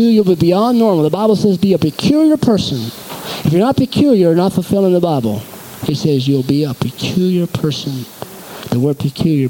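Animated high-voiced pastor preaching. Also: male voice, a little hiss or hum, poor audio. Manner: animated, exhorting the congregation. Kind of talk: sermon. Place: church.

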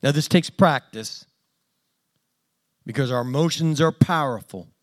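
A man's voice: medium pitch, measured pace. A man preaching a conversational sermon in a plain-spoken, self-deprecating way with dry humor.

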